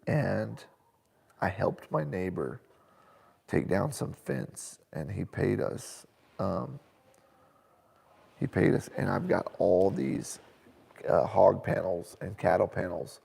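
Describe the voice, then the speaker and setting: A middle-aged man hosting a casual live question-and-answer chat at home, an animated storyteller who laughs often. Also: low-pitched, slow pace, creaky, long pauses, husky. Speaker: host. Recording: reverberant room sound.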